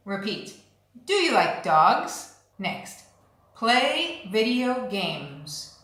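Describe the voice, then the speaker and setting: A woman's voice: medium pitch, big pitch swings, very slow, pauses often, fairly bright tone. A woman teaching an English lesson, speaking patiently and leading short phrases for learners to repeat. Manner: patient, drills phrases for repetition. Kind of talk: slow, clear language lesson. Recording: very echoey room.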